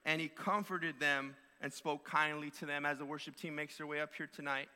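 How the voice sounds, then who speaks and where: A man's voice: a little high, level tone, brisk, bright, forceful tone, clean tone. A male pastor preaching a sermon with emphatic, repeated phrases. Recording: long hall reverb.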